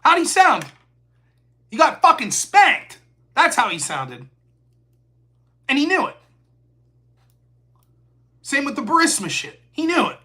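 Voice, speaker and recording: A man's voice: very high voice, wildly swooping pitch, slow, pauses often, pushed and bright. A man of forty hosting a live stream, talking in a profane, heated rant. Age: 40s. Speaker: host.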